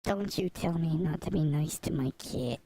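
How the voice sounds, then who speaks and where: A brash, pushy New Yorker with a thick New York accent, talking tough about doting on a cat, as a woman puts the voice on. The voice has a gravelly edge and sounds dry and close. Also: low-pitched, normal speed, warm tone, no room sound, low-quality recording.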